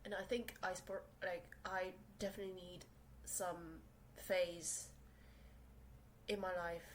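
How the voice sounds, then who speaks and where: A young South Korean woman who speaks English as a second language hosts a casual solo podcast from her small room, rambling with plenty of fillers and restarts. Her lowish voice stays steady and she takes it slowly, over a rough recording with a little hiss or hum.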